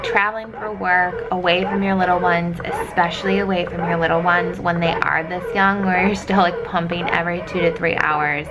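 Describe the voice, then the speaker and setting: A woman's voice: fairly low pitch, fairly even intonation, moderate pace, few pauses, over a noisy crowd, poor audio. A woman in her thirties talking candidly to a handheld phone camera in a chatty vlog, with lots of "like". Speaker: vlogger. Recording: clear background noise.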